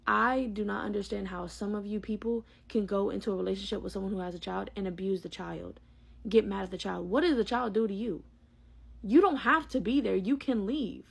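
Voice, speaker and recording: A woman's voice: mid-range voice, gravelly, a little mellow, breathy edge. A woman giving a blunt, heated monologue to her viewers, speaking her mind. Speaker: vlogger. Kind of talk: opinionated monologue to camera.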